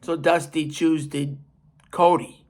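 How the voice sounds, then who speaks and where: A man hosting a podcast, retelling a story in an animated, emphatic way. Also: fairly high pitch, slow pace. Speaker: podcast host. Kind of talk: casual storytelling.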